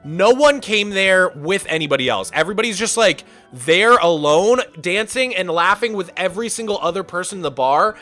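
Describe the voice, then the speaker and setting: A man streaming and telling a story in a casual, rambling way, animated and full of "like" and restarts. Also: high-pitched, normal speed, few pauses, soft background music. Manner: animated, rambling, repeats himself, lots of "like".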